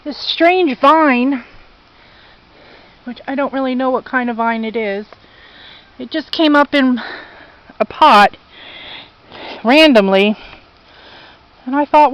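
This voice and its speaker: A woman's voice: high-pitched, takes it slowly, long pauses, no room sound, highs cut off. A woman giving a chatty, casual tour of her home garden outdoors, talking to her pets and venting about her losses. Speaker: vlogger.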